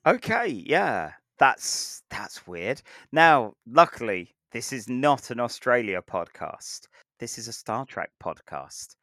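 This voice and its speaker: Laughing British man, bright and dry. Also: medium pitch, big pitch swings, takes it slowly, no echo. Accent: British English. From Britain. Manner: laughs easily, self-deprecating. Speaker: podcast co-host. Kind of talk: casual chat.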